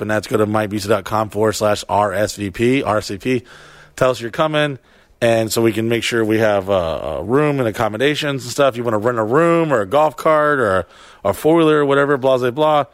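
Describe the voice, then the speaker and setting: A man's voice: mid-range voice, fairly quick, no echo, studio quality. A young man co-hosting a podcast, talking bluntly and casually with plenty of profanity. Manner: blunt, profane, laid-back. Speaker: podcast co-host and event organizer.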